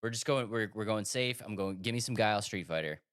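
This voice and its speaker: A man's voice: fairly low pitch, brisk, fairly bright tone, no room sound. A man co-hosting a podcast in casual chat, playful and teasing as he announces his picks. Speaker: podcast co-host.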